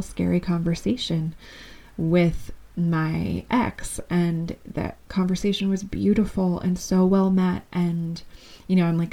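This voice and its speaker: A woman's voice: fairly low pitch, gravelly, dark tone. A woman in her thirties hosting a solo podcast, talking candidly and affectionately straight to her listeners. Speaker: podcast host.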